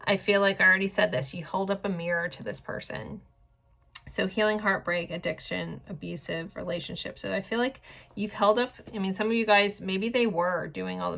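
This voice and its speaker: A woman's voice: medium pitch, creaky, a bit bright. A woman in her forties giving a casual pick-a-card tarot reading, rambling and chatty with lots of filler words. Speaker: tarot reader.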